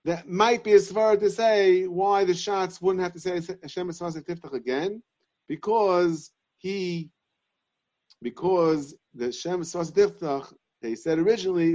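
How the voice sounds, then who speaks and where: A man giving a Talmudic lesson, reasoning aloud in halting, repeated phrases. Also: high-pitched, darkish tone. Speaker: Torah class teacher. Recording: dull lo-fi sound.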